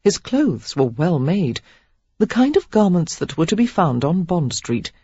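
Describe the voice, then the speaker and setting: A woman narrating a romance audiobook in an expressive, steady storytelling manner. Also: fairly low pitch, measured pace, husky, dry recording, dull audio. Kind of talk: scripted narration.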